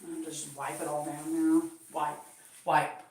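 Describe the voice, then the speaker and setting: 清洁浴室时闲聊的女人，声音空旷回响，离麦较远. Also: female voice, low voice, flat delivery, a little fast, warm tone. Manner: chatty, laughs often, talks to her cat. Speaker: channel host chatting with live viewers. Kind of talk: casual chat while cleaning. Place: home bathroom. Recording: echoey bathroom, voice from far off, faint background noise.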